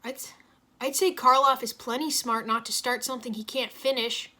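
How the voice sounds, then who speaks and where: A woman's voice: a little high, fairly even intonation, bright, forceful tone. A woman doing an earnest young ninja. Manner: hurried, placating.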